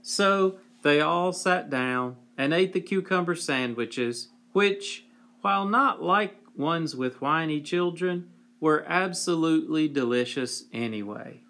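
Male storyteller: slightly high, unhurried, wry read-aloud of a silly children's tale. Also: lively intonation, bright, forceful tone. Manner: slow, deliberate, wry delivery, clears throat.

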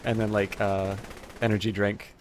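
A man's voice: lowish voice, flat delivery, normal speed, background noise. A man streaming a video game, chatting casually and chuckling with his co-host and chat. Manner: laid-back, chuckling, with many fillers. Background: faint game music.

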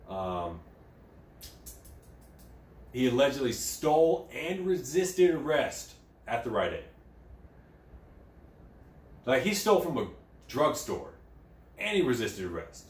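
A man hosting a crude comedy news show while high, rambling and swearing, with sudden loud outbursts. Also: very animated, slow pace, pauses often. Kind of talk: crude satirical news commentary. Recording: echoey room, mic at a distance.

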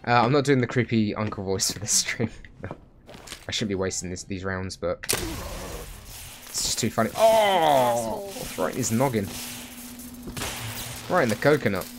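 A man's voice: lowish voice, moderate pace, long pauses, background noise. A man chatting casually over a game stream, swearing freely and talking to the characters on screen. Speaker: gaming streamer. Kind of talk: casual let's-play commentary.

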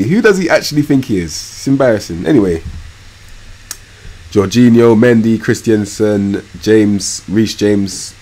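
Excitable young streamer, lively pitch. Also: male voice. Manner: excitable, swings from low muttering to loud yelling, swears a lot. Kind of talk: live game commentary.

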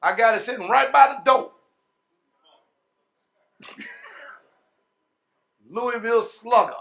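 A pastor with a man's high voice and some vocal fry preaches a sermon to his congregation. He elongates his words, then shouts loudly before going quiet and low, using folksy phrasing thick with "man" and "y'all."

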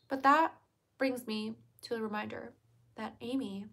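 A woman's voice: a little high, unhurried, vocal fry, fairly bright tone. A young adult woman hosting a livestream, chatting casually, giggling and answering her chat. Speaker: livestream host.

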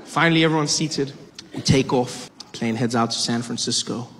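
A male stand-up comedian from South Africa, telling an animated story and acting out its characters. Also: medium pitch, moderate pace. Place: large live venue. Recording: reverberant hall with crowd noise.

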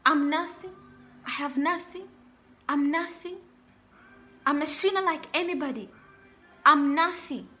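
A woman's voice: high voice, measured pace, pauses often, pushed and bright. A young woman preaching a sermon, repeating her warnings and rhetorical questions with emphasis. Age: young adult.

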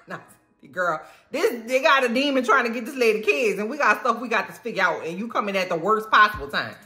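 A woman giving a comedic, profane movie recap, animated and acting out the characters. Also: a little high, fairly quick, faint music behind. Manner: animated and profane, acts out characters, frequent laughter. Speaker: movie reaction vlogger.

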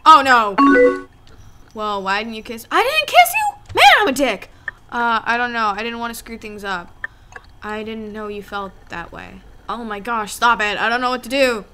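A woman commenting on a game and reading its chat lines aloud, often squealing and laughing as she reacts. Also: mid-range voice. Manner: animated, squealing and laughing at the story. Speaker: let's play gamer. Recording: loud music behind the voice.

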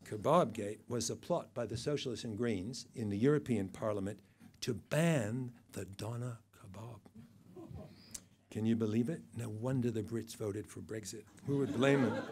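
A man's voice: mid-range voice, unhurried, a little mellow, slight background noise. An older man giving a satirical awards speech to an event audience, dry and mocking, with wry asides. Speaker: awards presenter.

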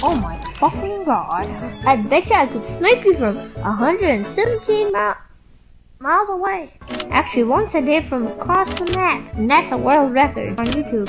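A woman's voice: a little high, expressive, moderate pace, music in the background, poor audio. A woman gaming and chatting casually, swearing and accusing others of cheating. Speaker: gamer.

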